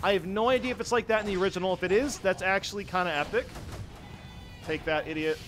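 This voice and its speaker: A young man giving casual, jokey let's-play commentary, reacting loudly to the game as he plays. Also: high voice, fast talker. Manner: excitable, jokey, yelps at the game. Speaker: gaming YouTuber. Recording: faint game music behind.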